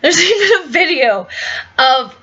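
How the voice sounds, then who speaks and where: High-pitched woman ranting bluntly. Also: sing-song, sharp tone, lo-fi sound. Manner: profane, blunt, fast with many restarts. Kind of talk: ranting opinion vlog.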